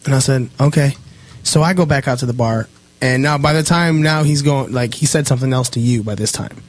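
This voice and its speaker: A man's voice: medium pitch, fairly quick. A young man telling a crude, joking story about throwing out a customer at his bar, swearing constantly. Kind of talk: casual storytelling chat.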